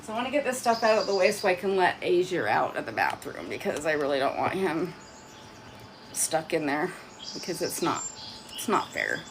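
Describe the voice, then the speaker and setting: A woman's voice: on the low side, sing-song, fairly quick, noisy background. Chatty woman rambling through a product demo. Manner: chatty, rambling, self-mocking. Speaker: vlogger. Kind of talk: casual live chat, product demo.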